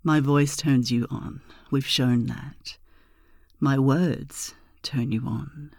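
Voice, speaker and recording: Brief: whispered role-play, husky gravelly voice, unhurried teasing delivery, dry close sound. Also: mid-range voice, steady tone, no echo. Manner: slow, teasing, breathy murmuring with sudden loud moans. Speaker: erotic audio performer.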